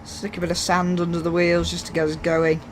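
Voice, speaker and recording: A man's voice: on the high side, monotone, a little fast, slight background noise. Jokey rambling man on game commentary. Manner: rambling, jokey, self-mocking. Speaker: gaming YouTuber. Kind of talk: casual gameplay commentary.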